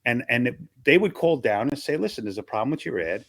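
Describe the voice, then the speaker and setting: This older Long Island comedian talks fast in a gravelly, medium-pitched voice with big pitch swings. In a casual interview he tells stories from his early days, acting out the voices of the people in them. The recording is dry.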